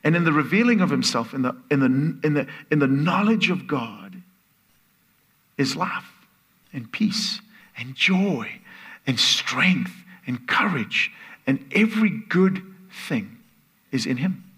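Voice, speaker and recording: A man preaching a sermon as a guest speaker, earnest and building from soft, quiet phrases to excited exclamations. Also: a little high, takes it slowly, slightly rough.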